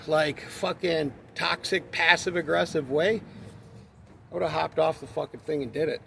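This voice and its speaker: Heated, profane man with a gravelly voice. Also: a little high, normal speed, a little hiss or hum. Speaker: forklift worker. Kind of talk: angry storytelling rant.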